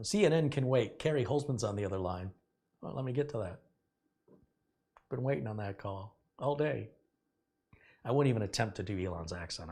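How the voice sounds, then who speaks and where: Husky, sarcastic middle-aged man. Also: lowish voice, a little mellow. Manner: sarcastic, rambling, reads out viewer donations. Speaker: live-stream host. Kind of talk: casual live-stream chat.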